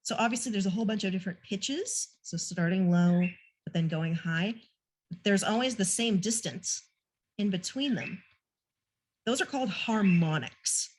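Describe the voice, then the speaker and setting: A woman's voice: mid-range voice, moderate pace, a little mellow, a little hiss or hum. A woman presenting a naturalist training talk, explaining things in a casual, self-deprecating way, over a video call from home. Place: home room with a pet bird nearby.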